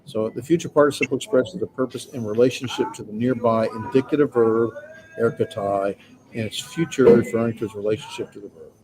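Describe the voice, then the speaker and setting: A man's voice: mid-range voice, fairly even intonation, brisk, a crowd in the background, poor audio. A man teaching a classroom lecture on grammar, explaining patiently and reassuringly with frequent filler sounds. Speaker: Greek grammar instructor. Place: classroom with students.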